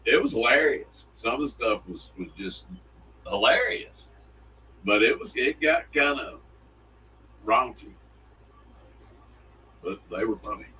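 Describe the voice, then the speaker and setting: A man's voice: medium pitch, animated, a little slow, pauses often, sharp tone. A man co-hosting a casual morning show, rambling and joking as he restarts sentences. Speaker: co-host. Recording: distant mic, faint room noise.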